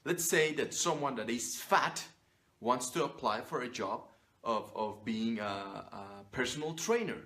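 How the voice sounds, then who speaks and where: Brief: young male image coach, forceful and profane, monologue to camera. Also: medium pitch, expressive, measured pace. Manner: blunt and profane, emphatic preaching.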